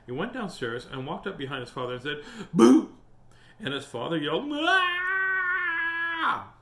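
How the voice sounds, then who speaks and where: A man's voice: fairly high pitch, fast. A man hosting a storytime, reading a picture book aloud and chatting with viewers. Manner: animated, chatty, greets viewers. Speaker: storytime host. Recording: roomy echo.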